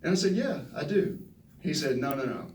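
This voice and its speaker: A man, telling folksy, animated stories at a press conference and acting out the quotes. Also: a little high, moderate pace, a little hiss or hum. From Texas. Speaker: retiring football player at press conference. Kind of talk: storytelling speech. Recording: roomy echo from a distant mic.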